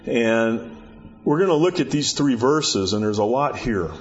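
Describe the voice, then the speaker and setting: A man preaching a sermon in a conversational way, repeating words and rising in pitch for emphasis. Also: expressive, measured pace, soft background music. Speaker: pastor. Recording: dull lo-fi recording.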